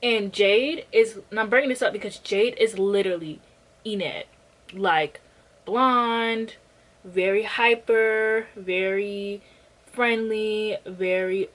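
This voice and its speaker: A woman's voice: mid-range voice, slow pace, fairly bright tone, rough recording. A young woman giving a casual rant review of a book, blunt and sarcastic and swearing freely.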